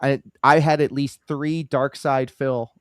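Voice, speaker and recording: A man's voice: medium pitch, flat delivery, measured pace, no echo, studio quality. A man on a roast panel, sarcastic and mocking in casual chat.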